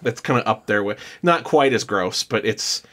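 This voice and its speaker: A man's voice: lowish voice, animated, normal speed, a bit bright. A man co-hosting a podcast, chatting loosely and reading from notes with lots of fillers and restarts. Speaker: podcast co-host. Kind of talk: casual chat, reading notes.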